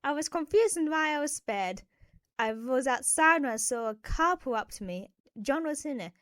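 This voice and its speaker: Woman narrator, animated story, expressive, dry close recording. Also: high voice, normal speed, no room sound. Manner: expressive first-person telling.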